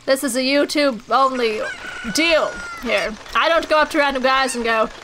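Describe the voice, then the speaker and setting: A woman's voice: high-pitched, normal speed, heavy background noise. A young woman in loopy gameplay commentary, goofy and crude, giggling as she plays. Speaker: let's player. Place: small hot recording room. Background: game music.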